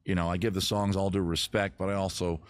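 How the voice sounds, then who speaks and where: A lower-pitched man chats loosely through his music stream, wandering from topic to topic with a self-mocking edge. Faint guitar sounds drift behind him. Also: flat delivery, fast. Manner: rambling, easily sidetracked, self-deprecating. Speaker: livestream music host. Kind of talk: casual chat reading viewer comments.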